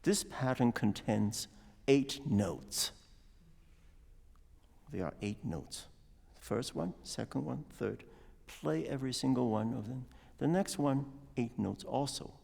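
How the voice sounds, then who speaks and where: A man's voice: medium pitch, lively intonation, slow, gravelly, a little mellow. A man teaching a piano master class, coaching a student and singing rhythms aloud to explain patiently. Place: concert hall. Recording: distant hall reverb.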